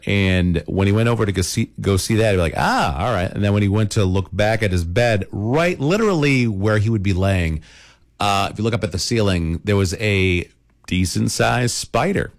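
A man's voice: fairly low pitch, gravelly. A man hosting a morning radio show, telling stories in a chatty way with fillers and laughs. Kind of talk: casual radio chat.

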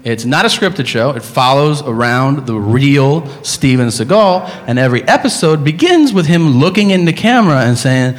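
A man doing a stand-up comedy set, profane and animated, telling stories with impressions. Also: medium pitch, moderate pace, few pauses. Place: comedy club stage. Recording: live club recording with crowd. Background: audience laughter.

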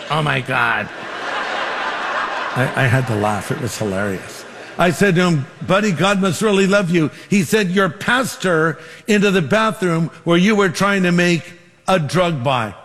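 A man's voice: fairly high pitch, moderate pace, fairly bright tone. Male pastor preaching in a reverberant hall. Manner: storytelling with quoted dialogue, numbered points. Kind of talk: sermon.

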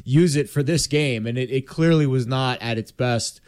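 A man with an ordinary middle-pitched voice who talks casually about sports, stopping and restarting often and reaching for playful comparisons along the way. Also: normal speed, a little mellow, clear, resonant tone. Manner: rambling, hesitant, playful analogies.

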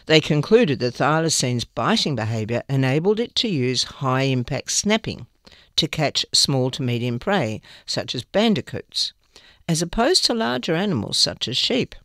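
A man's voice: mid-range voice, sing-song, moderate pace, a bit bright, dry recording, clean studio sound. A man reading newspaper articles aloud, with small slips now and then. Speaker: newspaper reader.

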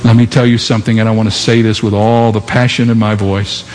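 A man's voice: fairly low pitch, flat delivery, darkish tone. Impassioned male preacher in a reverberant hall. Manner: impassioned preaching with long dramatic pauses. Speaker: pastor. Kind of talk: sermon. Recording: live sermon in a reverberant hall with faint noise.

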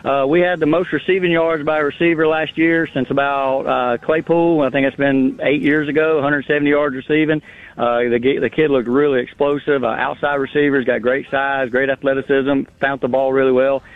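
A man calling in to a radio show, talking in a lively, folksy way and repeating phrases for emphasis. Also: mid-range voice, moderate pace, no echo. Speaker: caller. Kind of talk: casual phone-in chat. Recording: dry tinny phone line.

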